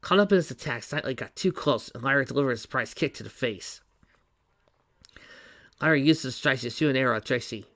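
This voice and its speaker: A man reading fan fiction aloud in a steady voice, with small slips and restarts. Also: medium pitch, a little fast, pauses often, no echo. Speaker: reader.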